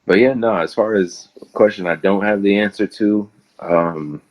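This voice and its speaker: A man's voice: on the low side, measured pace. A young man, a pro wrestler, telling rambling stories in a casual interview and laughing often. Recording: dull lo-fi audio.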